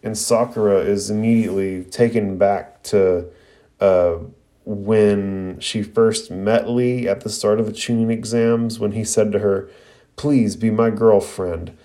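Man, casual recap of a cartoon episode for a review show, lowish voice. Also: level tone, measured pace, mellow. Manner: casual, retelling with fillers. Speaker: anime reviewer.

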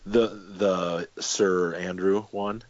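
Really deep husky guy on a podcast, dry matter-of-fact, dead dry room. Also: fairly even intonation, very slow, no room sound. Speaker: podcast co-host. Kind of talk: casual chat. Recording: dry, dull lo-fi audio.

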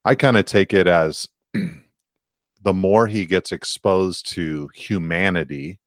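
A man co-hosting a podcast, from California, talking in a relaxed, rambling way with lots of fillers. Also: deep voice, slow pace, no room sound, studio quality. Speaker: podcast co-host. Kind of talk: casual chat.

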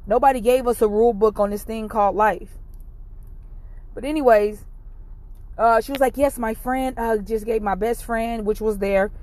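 A woman's voice: a little high, fairly even intonation, moderate pace, darkish tone. Chatty woman telling a story from her car. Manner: chatty, encouraging, addresses listeners directly. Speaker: podcast host. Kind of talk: casual storytime monologue. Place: parked car, rain outside.

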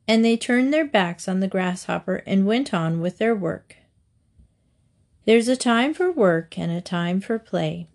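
A woman narrating storybook fables in a clear, measured reading. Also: mid-range voice, lively intonation, darkish tone.

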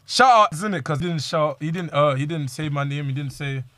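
A man's voice: fairly high pitch, fairly quick, pushed and bright, no echo. A young man, animatedly telling a street story to friends and acting out the quotes. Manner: slangy, acts out quoted lines.

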